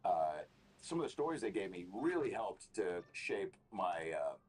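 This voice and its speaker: A man whose voice is low-pitched and slightly rough speaks at a measured pace, telling rambling, profane stories. He's a comedian and actor, animated as a guest in a casual interview.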